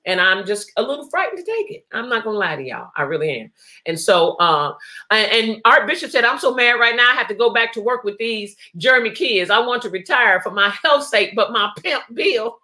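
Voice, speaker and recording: A woman's voice: a little high, expressive, brisk, sharp tone. A woman hosting a live online talk show, chatting casually, reading viewer comments and laughing often.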